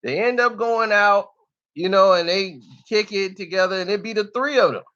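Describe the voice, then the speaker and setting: A man's voice: high-pitched, normal speed, pushed and bright, highs cut off. A man telling a story in casual street slang, loose and chatty, often tossing in "you know".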